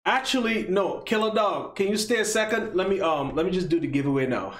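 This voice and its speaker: A man streaming a mobile game live, chatting casually and playfully with slang while running giveaways and drawn-out countdowns. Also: high-pitched, echoey room.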